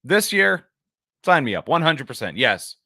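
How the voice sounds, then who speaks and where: A man's voice: fairly high pitch, sing-song, measured pace, sharp tone, no room sound, clean studio sound. A man co-hosting a sports podcast, talking casually in a laid-back way. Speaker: podcast co-host.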